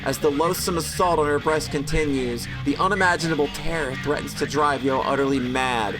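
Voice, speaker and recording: A man's voice: on the high side, a little fast, music in the background. A man reading a horror visual novel's narration aloud with casual, joking asides and frequent self-corrections. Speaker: let's-play host reading a visual novel.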